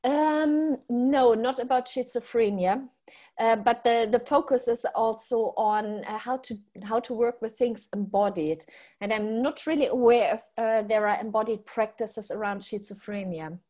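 German-accented woman, co-host, hesitant with fillers, fairly high voice. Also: unhurried, dark tone. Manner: hesitant, many fillers, precise. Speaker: conference co-host. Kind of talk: casual live-stream chat.

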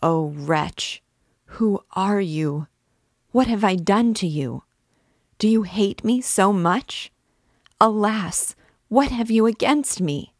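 A woman's voice: deep voice, fairly even intonation, slow, creaky, dry recording, clean studio sound, heavily acted. A woman reading aloud voices a frightened young woman held prisoner, crying out in tearful pleas. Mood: anguished. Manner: pleading, tearful outcries.

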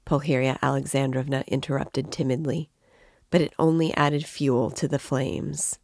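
A woman's voice: extremely low pitch, fairly even intonation, normal speed, no room sound, clean studio sound. Woman reading a classic novel aloud. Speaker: book club reader and guide.

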